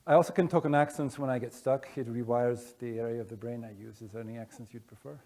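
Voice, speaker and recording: A man with a gravelly, creaky voice talks casually to a conference audience. He speaks haltingly, stopping often on fillers and restarting his sentences. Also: medium pitch, steady tone, a little mellow. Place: conference room. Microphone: wearing headphones with a masking device.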